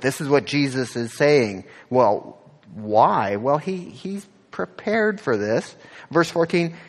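A male pastor preaching an animated sermon. He asks the congregation direct questions and rises to emphatic peaks when he quotes scripture. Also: medium pitch, big-room sound.

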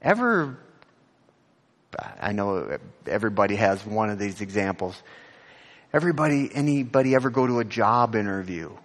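A male pastor preaching an animated sermon. He asks the congregation direct questions and rises to emphatic peaks when he quotes scripture. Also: fairly low pitch, normal speed, pauses often, in a large hall.

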